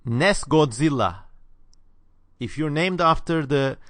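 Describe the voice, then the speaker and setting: Man, Southeastern European accent, sharp sibilant consonants, opinionated, dry close sound. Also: on the high side, slow, dry recording. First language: not English. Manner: opinionated, lively. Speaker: channel host answering viewer questions. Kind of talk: casual Q&A monologue.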